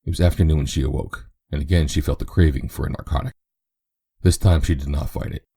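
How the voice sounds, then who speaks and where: A man narrating a novel as an audiobook in a steady, even reading. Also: extremely low pitch, quick pace, breathy edge. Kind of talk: scripted narration.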